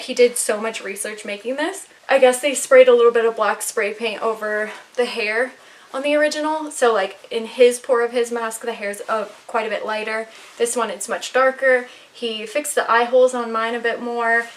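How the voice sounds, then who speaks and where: Young woman, casual vlogger, upbeat and chatty, slightly breathless, fairly high voice, mic a bit distant. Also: slight background noise. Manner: chatty, enthusiastic, many fillers. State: a little out of breath. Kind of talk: casual book haul chat. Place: at home, near her bookshelf.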